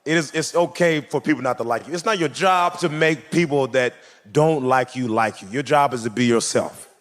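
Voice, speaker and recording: A man's voice: medium pitch, moderate pace. A man doing stand-up, telling a story and acting out the people in it with lots of energy. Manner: animated, acting out characters in the story. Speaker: stand-up comedian. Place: comedy stage before a live audience. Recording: live club set with audience noise. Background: audience laughter and ambience.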